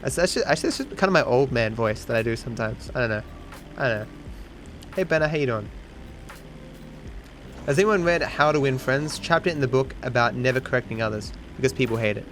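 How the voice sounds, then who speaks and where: A man's voice: mid-range voice, expressive, brisk, pauses often, fairly bright tone, a little hiss or hum. A man with an Australian accent chatting casually while streaming a speedrun, rambling and correcting himself often. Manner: rambling, many restarts and self-corrections. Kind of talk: casual livestream commentary.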